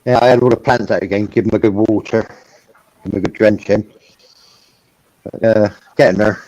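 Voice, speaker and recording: A man giving quick, matter-of-fact updates in a casual chat. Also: lowish voice, fairly even intonation, darkish tone, dry recording, rough recording.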